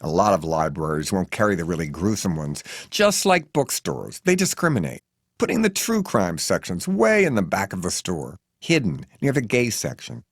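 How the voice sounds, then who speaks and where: A man's voice: sits low, very animated, moderate pace, no room sound, studio quality, exaggerated voice. A man voicing a chatty, earnest middle-aged woman who gives away used books as a cause. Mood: indignant.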